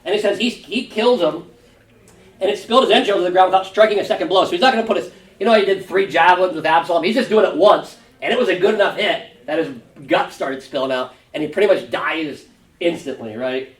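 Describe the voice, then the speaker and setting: Pastor, man, casual animated Bible teacher; mic set far back in an echoey room. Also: sits high, quick pace. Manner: conversational, animated retelling. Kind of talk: Sunday school Bible teaching. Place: church classroom. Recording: roomy room, distant mic.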